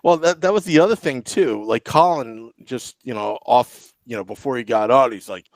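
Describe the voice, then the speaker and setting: A man's voice: medium pitch, moderate pace, dry recording. A man hosting and producing a casual sports podcast, rambling and laughing through stories. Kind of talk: casual chat. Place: home podcast setup.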